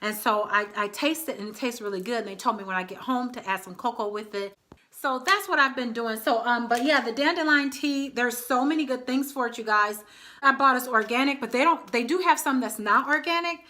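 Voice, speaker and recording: A woman's voice: fairly high pitch, brisk, sharp tone. A woman in her thirties chatting casually to her viewers as a vlogger, often calling them y'all. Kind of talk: casual chat to camera.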